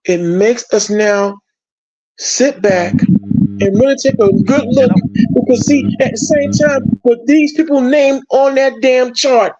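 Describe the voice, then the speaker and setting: A man's voice: extremely high pitch, slow pace, a little mellow. Passionate, aggrieved man on a stream. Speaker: panel speaker. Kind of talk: heated online discussion. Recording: dull lo-fi stream audio.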